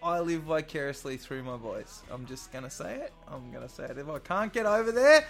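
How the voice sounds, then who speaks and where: An Australian man yells his way through sports banter, loud, sweary and rowdy. His voice sits high and swings wildly in pitch. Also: very animated, brisk, creaky, faint music behind. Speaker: podcast co-host.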